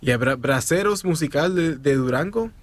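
A man co-hosting a radio music show, chatting in a relaxed, agreeable way and often saying "yeah". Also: a little high, fairly quick. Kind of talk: casual radio chat.

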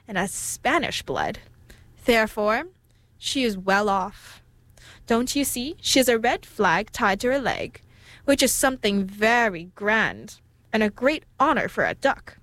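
A woman voicing a fretful, proud mother duck in a storybook reading, with a fussy, lively manner. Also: fairly high pitch, no room sound.

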